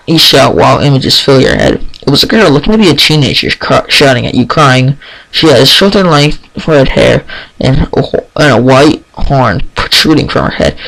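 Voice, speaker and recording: A man's voice: mid-range voice, very animated, moderate pace, gravelly, a bit bright, poor audio. A man reading fan fiction aloud, stumbling and restarting over words. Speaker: story reader.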